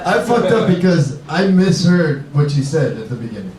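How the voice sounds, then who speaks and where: A man on a comedy panel who talks excitedly and laughs while he speaks. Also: a little high, normal speed, background noise. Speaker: guest panelist. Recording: echoey room from far off, loud music.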